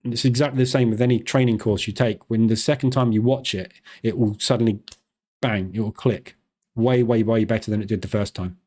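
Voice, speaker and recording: A man hosting a live trading stream, talking fast in a chatty, loose way with plenty of fillers. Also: lowish voice, steady tone, a little mellow.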